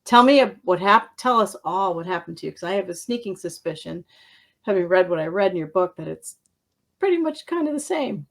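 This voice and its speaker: A middle-aged woman hosting an interview, telling stories in a casual, animated way, laughing often and acting out what others said. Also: medium pitch, a little fast. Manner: animated storyteller, laughs often, acts out quotes. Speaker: podcast host.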